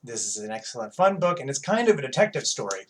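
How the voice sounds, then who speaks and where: A man's voice: medium pitch, big pitch swings, quick pace. A man leading a children's storytime, chatting in a friendly way and talking straight to the young listeners. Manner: friendly, chatty, talks directly to kids. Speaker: children's librarian. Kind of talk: storytime read-aloud for children.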